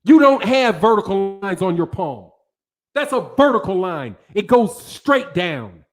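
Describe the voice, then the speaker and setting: A man with a strikingly high-pitched voice vents angrily to his live viewers. He is loudly profane and circles back to the same points again and again, as if he is arguing with the whole room. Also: big pitch swings, a little slow, faint music behind. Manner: angry, profane, repetitive. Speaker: boxing channel host. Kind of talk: profane ranting commentary to a live audience.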